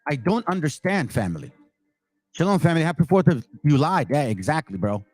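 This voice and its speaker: A man's voice: fairly high pitch, sing-song, a little fast, darkish tone, no echo. Blunt, mocking man commentator. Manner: mocking, blunt, swears freely. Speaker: online commentator. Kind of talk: casual reaction commentary.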